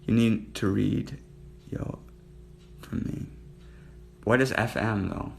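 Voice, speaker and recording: A man hosts a flirty livestream, chatting to viewers and naming them one by one. His voice sits low and gravelly, and it sometimes sinks to a near-murmur. A faint hiss runs under the phone-mic recording. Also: slow. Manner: flirtatious, addressing viewers by name, drops to murmurs. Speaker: livestream host.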